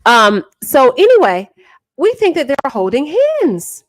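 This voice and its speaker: A woman, a mother, chatting casually as she recaps online drama in an animated, repetitive, slangy way. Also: sits high, measured pace, dry recording. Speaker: livestream drama commentator.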